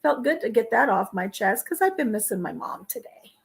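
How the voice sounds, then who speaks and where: A woman's voice: mid-range voice, very animated, a little fast, creaky, slightly rough. A middle-aged woman hosting a casual home kitchen vlog, talking through tears as she shares memories. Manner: tearful, speaks through crying. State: crying. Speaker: vlog host. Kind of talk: casual chat while baking.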